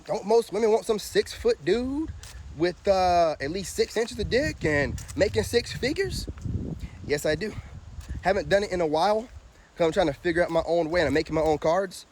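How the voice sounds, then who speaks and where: A man's voice: high-pitched, lively intonation, normal speed, a little mellow, a little hiss or hum. A man giving a preachy livestream monologue as a spiritual vlogger and tarot reader, full of rhetorical questions.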